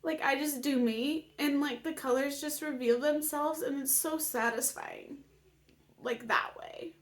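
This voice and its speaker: Speaking at a measured pace in a high voice, this woman shares her healing journey in a relaxed vlog. Open and on the verge of tears, she uses lots of fillers and now and then slips into a whisper.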